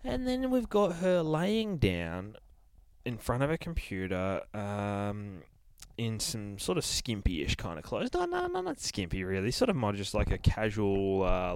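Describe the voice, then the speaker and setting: A man's voice: lowish voice, wildly swooping pitch, unhurried, a little hiss or hum. A man hosting a podcast, recapping a comic in a loose, profane, rambling way with lots of fillers. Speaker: podcast host reviewing a comic.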